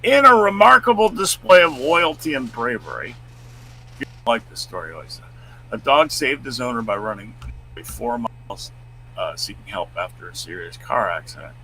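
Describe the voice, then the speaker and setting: A man co-hosting a live stream, chatting casually and reading out news stories in a loud, booming voice. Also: very animated, moderate pace, slight background noise, low-quality recording. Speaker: co-host.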